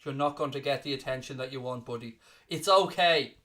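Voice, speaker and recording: A man's voice: medium pitch, fairly quick, sharp tone. An Irish man with a Dublin-area accent hosting a live football watchalong, teasing viewers in casual chat and rattling off scores like a presenter. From Ireland. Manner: teasing, mock-scolding replies to viewer comments. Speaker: watchalong host.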